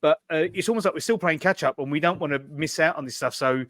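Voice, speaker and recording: Relaxed man in his forties, dry sound. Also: fairly high pitch, fast, dry recording. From United Kingdom. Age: 40s. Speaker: podcast co-host. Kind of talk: casual podcast chat.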